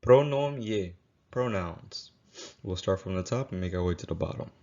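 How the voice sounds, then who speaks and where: A man walks through a recorded slideshow lesson. He repeats every example slowly and catches his own slips. The sound is dull and lo-fi, as from a home computer mic. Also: sits low, expressive, mellow. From Louisiana. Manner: patient, repeats each example slowly, self-correcting. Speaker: language teacher.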